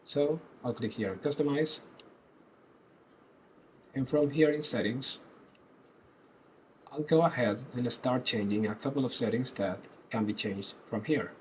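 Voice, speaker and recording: A man presenting a screen-recorded web development tutorial, explaining each step calmly. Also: medium pitch, unhurried, pauses often, a little hiss or hum, rough recording.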